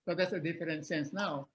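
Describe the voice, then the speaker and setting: A man's voice: a little high, fairly bright tone. An older man with a Filipino accent, explaining words in a webinar talk, repeating each one and often laughing. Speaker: guest professor.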